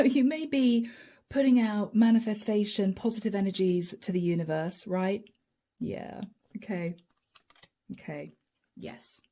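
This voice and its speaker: A woman's voice: fairly high pitch, dark tone. A middle-aged woman giving a channeled tarot reading to camera, chatty and addressing her viewers directly. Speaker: tarot reader.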